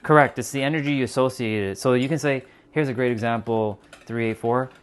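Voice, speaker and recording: His pitch sits in the middle, his tone is even, and his delivery runs smooth and slightly quick. He's a livestream host chatting reflectively with viewers about spiritual matters as he cooks at home, often restarting and using fillers.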